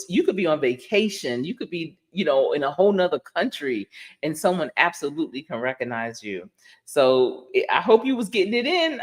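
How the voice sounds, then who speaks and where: Speaking in a lowish voice over a livestream mic, a middle-aged woman who works as a life coach shares stories with her viewers. She's casual and energetic, laughing a lot and imitating the people she quotes.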